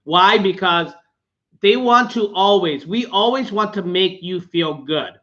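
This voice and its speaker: A man with a notably high voice gives relationship advice in an earnest, coaching way, circling back to his points. The sound is dull and lo-fi. His talk stays casual and repetitive. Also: lively intonation, unhurried, pushed and bright. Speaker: relationship podcast co-host.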